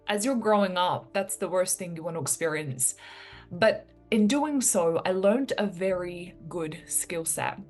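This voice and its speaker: Earnest New woman a lowish voice. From New Zealand. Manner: earnest, animated when quoting others. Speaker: mentor and entrepreneur. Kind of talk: reflective personal story to camera.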